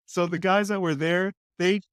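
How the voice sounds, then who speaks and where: A man from Colorado, a company CEO, telling a lively story as a guest in an interview and acting out the voices of the people in it. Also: sits high, moderate pace, clean tone, dry recording. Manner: animated, acts out quoted lines in other voices.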